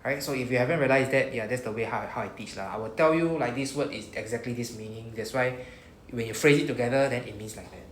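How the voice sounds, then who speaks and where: A man with a Singaporean English accent leads a class, patient and methodical, modelling phrases for students to repeat. His mid-pitched voice carries a roomy echo, with faint noise in the background. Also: quick pace. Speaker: Japanese teacher. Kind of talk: classroom teaching. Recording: echoey room with faint noise.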